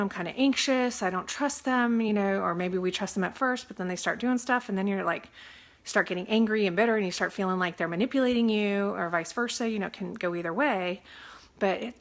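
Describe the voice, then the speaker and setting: Chatty woman real estate agent. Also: mid-range voice. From Texas. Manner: chatty, acts out clients' voices with many fillers; faith-minded, mentions praying. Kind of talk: casual talk to camera.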